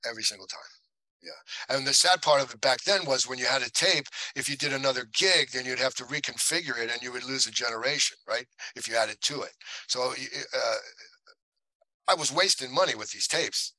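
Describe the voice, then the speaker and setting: A man's voice: medium pitch, fairly quick, no echo, poor audio. A man, an actor guest in a podcast interview, telling anecdotes casually and acting out the people he quotes. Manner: animated anecdotes, acts out quoted voices.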